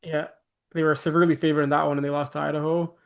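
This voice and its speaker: A man's voice: a little high, flat delivery, very fast, creaky. A man co-hosting a casual chat about a recreational football league, teasing and laughing often. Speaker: co-host.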